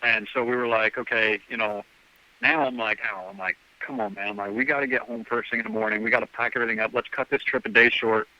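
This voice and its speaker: A man with a lowish voice and fairly even intonation talks fast on a muffled recording. He's a podcast guest, a hunter, telling a rambling, casual story and acting out the dialogue with "I'm like" quotes.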